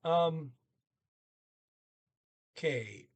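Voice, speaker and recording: A man's voice: mid-range voice, steady tone, slow pace, slightly rough. A man teaching a language lesson, thinking aloud with many fillers and restarts, speaking.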